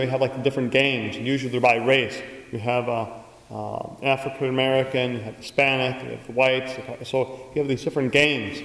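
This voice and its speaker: Male priest, conversational homily with storytelling, recorded in a reverberant church. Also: mid-range voice. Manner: storytelling with acted-out quotes. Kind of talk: sermon.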